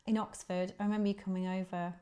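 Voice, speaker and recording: A woman in her forties, a guest chatting casually, laughing often, her voice jumping up when she gets excited. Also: medium pitch, fast talker, heavy background noise. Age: 40s. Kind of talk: casual chat.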